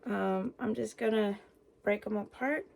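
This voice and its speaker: In a noisy home kitchen, a woman with a medium-pitched, darkish voice and some vocal fry casually walks viewers through a cooking demo, calling them "guys." She sounds chatty and a little breathless, narrating herself at an unhurried pace with fairly even intonation.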